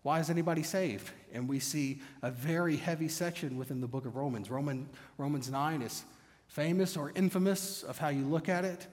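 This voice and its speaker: A man's voice: a little high, moderate pace, darkish tone. A man preaching a sermon, teaching by posing rhetorical questions and answering them himself. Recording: long reverb of a church hall.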